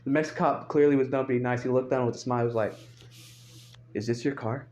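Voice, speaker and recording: A man's voice: mid-range voice, fairly even intonation, rapid-fire, darkish tone. A young man telling a rambling, profane story in casual speech, recorded on a phone. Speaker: storyteller vlogger. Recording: dull lo-fi phone audio.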